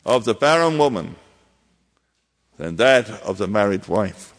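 A man preaching a sermon as pastor, in a measured way with emphatic repetitions. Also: on the low side, very animated, big-room sound.

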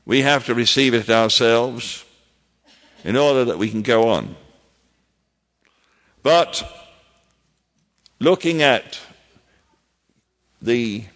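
A man preaching a sermon as pastor, in a measured way with emphatic repetitions. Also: mid-range voice, fairly bright tone, big-room sound.

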